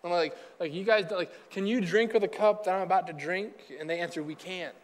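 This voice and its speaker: Fast-talking pastor in a reverberant hall. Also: male voice, sits high. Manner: chatty, acts out dialogue in quick asides. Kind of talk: casual conversational sermon.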